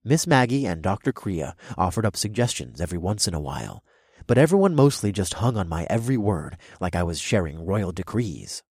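Deep husky male audiobook narrator. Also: very animated, a little fast, a little mellow, no echo, studio quality. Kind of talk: first-person fantasy audiobook narration.

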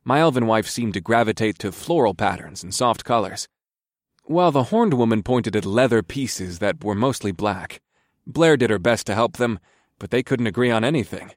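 Male narrator, relaxed storytelling, low voice, dry studio sound. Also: moderate pace, no echo. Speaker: audiobook narrator. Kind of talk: scripted first-person narration.

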